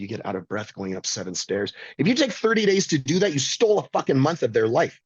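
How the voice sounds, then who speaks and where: A man's voice: mid-range voice, sing-song, fast, hardly any pauses, husky, no echo, lo-fi sound. A man in his fifties telling his own story in a blunt, profane, emphatic way as a podcast guest. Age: 50s. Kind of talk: casual storytelling.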